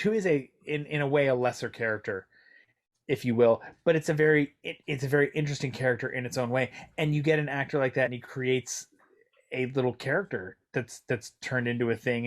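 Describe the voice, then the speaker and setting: A man co-hosting a casual podcast, talking at length with many hedges and restarts. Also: medium pitch. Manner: chatty, hedging, full of fillers and restarts. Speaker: podcast co-host. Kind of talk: casual chat.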